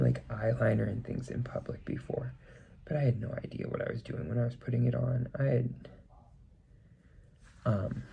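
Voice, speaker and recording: A young man with a medium-pitched, gravelly, warm voice and a slightly stuffy nose chats casually while doing his makeup on camera, rambling and correcting himself along the way. He's a makeup vlogger doing a get-ready-with-me talk, and there's a little hiss or hum in the recording.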